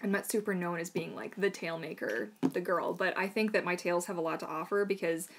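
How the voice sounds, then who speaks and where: A woman's voice: lowish voice, fairly quick. A woman hosting a casual live Q&A stream as a mermaid tail maker, chatty and bubbly, with lots of fillers and frequent laughter.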